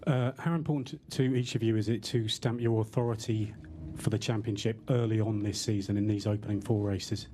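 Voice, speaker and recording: A man's voice: on the low side, fairly even intonation, fairly quick, hardly any pauses, warm tone. A male journalist asking a formal, direct question at a press conference. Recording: noisy press room audio.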